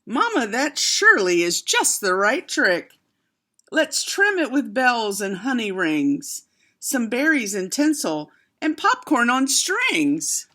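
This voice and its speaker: A woman's voice: on the high side, very animated, slow pace, sharp tone, heavily acted. A woman voicing a sleepy, cheerful father bear in a storybook. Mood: jolly. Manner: drowsy and cheerful.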